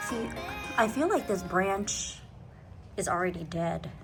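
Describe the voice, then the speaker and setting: A woman in her thirties talking casually in a home vlog, chatty and excitable, laughing often. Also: mid-range voice, slow pace, music in the background. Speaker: vlogger. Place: home and garden.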